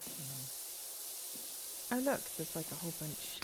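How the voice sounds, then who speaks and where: A woman's voice: sits low, lively intonation, unhurried, very noisy. A woman streaming a cleaning game, chatting casually and self-deprecatingly with her viewers and laughing often. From not American. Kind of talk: casual gameplay chat with viewers.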